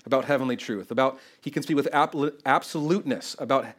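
A male pastor preaching through a Bible passage in a conversational, animated style. His voice sits at an ordinary middle pitch. He keeps asking "right?" to bring listeners along. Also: fast. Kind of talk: expository sermon.

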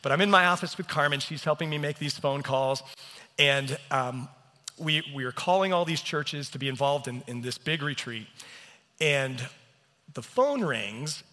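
A man's voice: fairly high pitch, expressive, normal speed, sharp tone. A man preaching a sermon as pastor, telling stories on himself in an earnest, self-deprecating way. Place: church hall. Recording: reverberant church hall.

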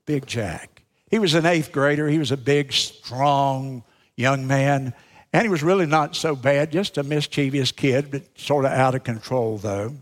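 A man's voice: mid-range voice, a little slow. A man preaching a sermon, telling a story and then speaking earnestly and directly to his listeners.

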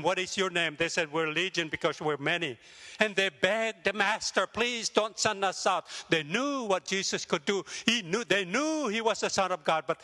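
An older man preaches as a guest speaker. His voice sits a little high and bright. He tells stories vividly, rising and dropping back to a hush, and long reverb trails off each phrase in a large church hall. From grew up in a jungle village. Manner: vivid storyteller, swings between raised and hushed delivery. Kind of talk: sermon with personal storytelling.

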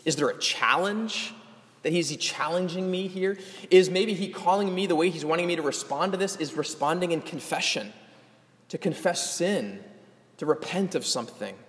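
Pastor guy in a big echoey hall, slightly high voice, earnest and gentle, lots of little restarts. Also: normal speed. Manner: gentle teaching tone, many small restarts. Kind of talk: sermon.

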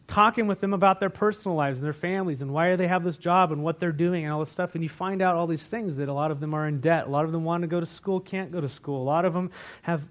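A male pastor with a fairly high-pitched voice preaches a sermon, telling stories in a loose, conversational way full of restarts. He drops to near-whispers, then rises into loud, emotional bursts.

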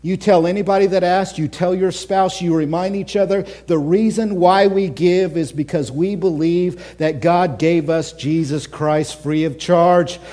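A man preaching a sermon as a pastor, animated, swinging between loud mocking impressions and quiet earnest asides. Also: sits high, a little slow, hardly any pauses.

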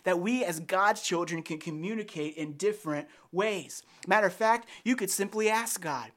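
A man's voice: sits high, moderate pace, a bit bright. A man in his thirties, a pastor giving a sermon in an earnest, conversational way that rises into emphatic passages.

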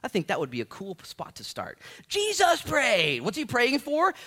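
Animated joking pastor man. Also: high-pitched, fairly quick. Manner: animated, joking and self-deprecating, many restarts. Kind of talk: sermon.

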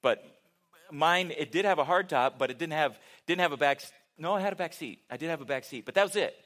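A man's voice: a little high, fast, a bit bright. A middle-aged man preaching a sermon, telling a story with humor and asking the audience questions.

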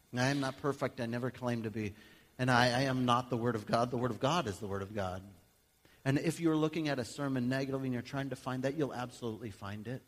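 A male pastor preaching a sermon in a conversational, animated way, acting out little everyday scenes. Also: medium pitch. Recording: long hall reverb.

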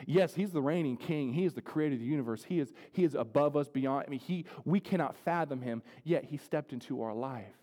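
Male pastor, fervent sermon delivery, lightly raised pitch, church hall reverb. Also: brisk, hardly any pauses. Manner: preaching with wide swings from loud to hushed. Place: church sanctuary.

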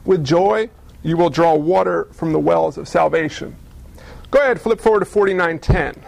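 A man's voice: on the high side, moderate pace, vocal fry, a little mellow. A man preaching a sermon, with rhetorical questions and jokes. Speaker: pastor.

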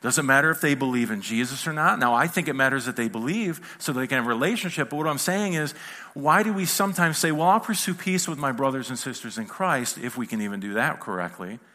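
A man's voice: mid-range voice, lively intonation, fast, sharp tone. A male pastor preaching a conversational sermon to a congregation in a church, mixing humor with acted-out quotes.

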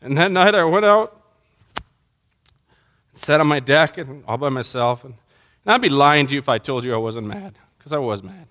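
A man's voice: mid-range voice, expressive, moderate pace, long pauses, fairly bright tone. A middle-aged man, a pastor, giving a sermon in a personal, emotional storytelling way that rises into impassioned pleading.

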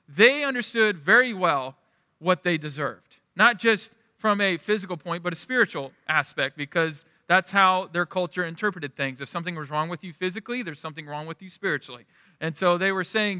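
A middle-aged man preaching in a church, his voice high and strikingly bright. He talks to the congregation conversationally and keeps checking in with them. His words ring out with a long reverb tail from the hall. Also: a little fast, studio quality. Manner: conversational, asks the room "right?". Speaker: pastor. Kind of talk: sermon.

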